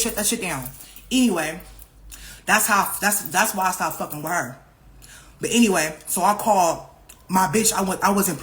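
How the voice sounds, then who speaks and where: Profane, animated woman telling a story. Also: lowish voice. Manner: profane, slang-heavy, animated retelling; acts out other people's lines in raised voices. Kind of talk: casual personal storytelling.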